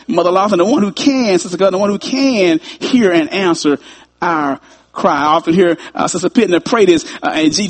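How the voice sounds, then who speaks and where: A man preaching a sermon in a conversational way, chuckling often and repeating his phrases. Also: high-pitched.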